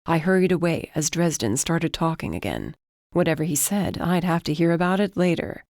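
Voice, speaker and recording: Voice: mid-range voice, animated, normal speed, darkish tone, no room sound. Dry, close audiobook narration. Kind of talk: first-person audiobook narration.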